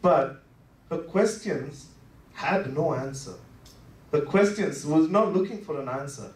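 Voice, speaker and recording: Guy preaching in a church, kinda high voice, chatty with lots of you-knows, sounds far off and echoey like a big sanctuary. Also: expressive, unhurried. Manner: conversational, full of "you know" fillers; swings between soft, low asides and impassioned rises. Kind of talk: Good Friday sermon. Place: church worship center. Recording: echoey sanctuary heard from a distance.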